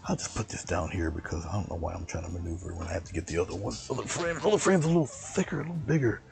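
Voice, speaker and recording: A man's voice: sits low, very fast, creaky, music in the background. A man chatting casually as he finishes a painting demo, rambling and talking to himself while he works. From US East Coast. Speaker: painting instructor.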